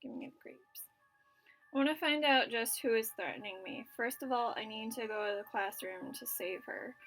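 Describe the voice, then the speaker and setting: A woman's voice: fairly high pitch, moderate pace, fairly bright tone, faint music behind. A woman playing a story game, reading its narration aloud and reacting casually, with filler words and swearing. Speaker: let's play gamer.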